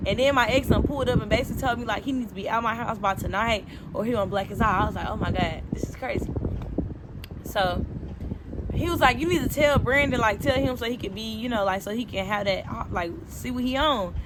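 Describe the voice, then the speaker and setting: Animated young woman telling a storytime. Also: a little high, fast talker, heavy background noise. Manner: animated and expressive, acting out quoted dialogue. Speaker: vlogger. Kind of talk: casual storytime.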